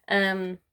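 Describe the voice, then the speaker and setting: A woman talks through a tarot spread in a slow, drawn-out way, thinking aloud as she goes. Her pitch sits at an ordinary middle height, and she often lets out soft little laughs. A faint hiss of noise runs under her voice. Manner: unhurried and musing, with frequent soft laughs. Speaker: tarot card reader. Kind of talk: casual spoken tarot reading.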